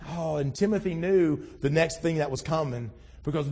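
A middle-aged man preaches to his congregation, chatty and story-driven before building into emphatic, urgent stretches. His voice is slightly high and husky. The sound carries a long reverb from a large church hall. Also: moderate pace, warm tone. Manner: conversational storytelling, rising to emphatic. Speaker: pastor. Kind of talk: sermon. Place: church sanctuary.

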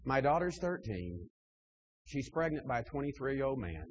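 Emphatic husky-voiced male preacher. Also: medium pitch, big pitch swings, normal speed, lo-fi sound. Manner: emphatic, rising and dropping in volume, frequent restarts. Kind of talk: sermon to church leaders.

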